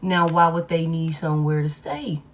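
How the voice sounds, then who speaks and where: A woman giving a live tarot reading to her viewers, blunt and heavy with swearing, swinging between loud hype and low muttering. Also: steady tone, normal speed. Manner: blunt, profane and emphatic. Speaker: tarot reader.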